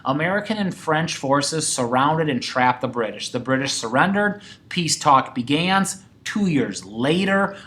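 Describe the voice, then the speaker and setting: A man teaching a sixth-grade history lesson, talking to his class and acting out quoted voices. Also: medium pitch. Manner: animated, acts out quoted voices.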